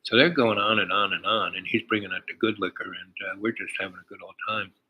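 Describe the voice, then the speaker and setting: A man's voice: lowish voice, quick pace, dull audio, a little hiss or hum. An older man telling a meandering personal story, full of fillers and asides. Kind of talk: rambling personal anecdote.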